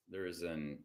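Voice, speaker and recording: Deep-voiced rambling man on a livestream. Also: darkish tone. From Michigan. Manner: rambling, chatty, frequent throat clearing. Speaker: psychic reader livestreaming. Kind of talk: casual livestream chat. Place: indoors at home.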